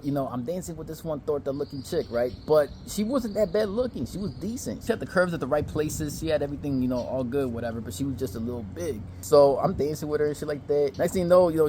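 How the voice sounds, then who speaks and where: A young man with a fairly high, mellow voice tells a slangy, profane story in a casual way. He acts out every quote in exaggerated voices. Faint noise sits under the recording.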